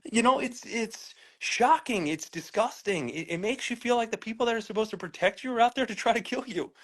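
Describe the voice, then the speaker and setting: A man's voice: high-pitched, a little fast, a bit bright. Upset New man, voice near tears. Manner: upset, repeats words, restarts sentences, swears. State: close to tears. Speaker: pet owner interviewed about a raid. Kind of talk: emotional on-camera interview.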